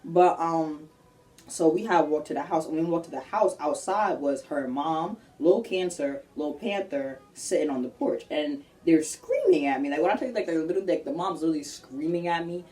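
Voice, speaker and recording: Young woman, lowish voice, slangy and animated, storytime vlog, set back from the mic. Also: moderate pace, far from the mic. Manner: animated, slangy, acts out quotes.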